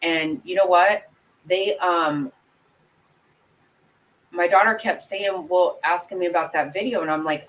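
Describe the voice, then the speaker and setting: A woman's voice: lowish voice, fairly even intonation, measured pace, long pauses, poor audio. Giggly chatty woman with a drawl. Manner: chatty, giggly, self-deprecating. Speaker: commentary channel host. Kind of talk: casual livestream chat with viewers.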